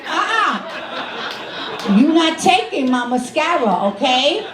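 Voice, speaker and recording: Brassy high-voiced New York woman comic. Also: slow pace. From Brooklyn, New York. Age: 50s. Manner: brassy, animated, sassy street-talk delivery. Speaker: stand-up comedian. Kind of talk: stand-up comedy set. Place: comedy club stage with a live audience. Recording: echoey club room with crowd laughter.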